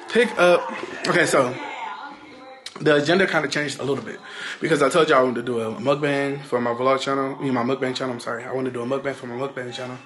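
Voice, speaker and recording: A man's voice: mid-range voice, a bit bright, slight background noise. A man chatting casually to viewers in a vlog, talking straight to them and exclaiming often. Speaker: vlogger. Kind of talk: casual vlog chat to camera.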